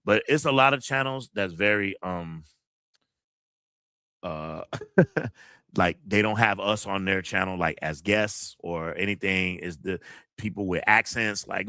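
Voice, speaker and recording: A man's voice: on the low side, unhurried, bright, forceful tone, dry recording, studio quality. A man hosting a casual livestream, rambling in slangy talk and repeating his phrases. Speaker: host of a kung fu movie livestream.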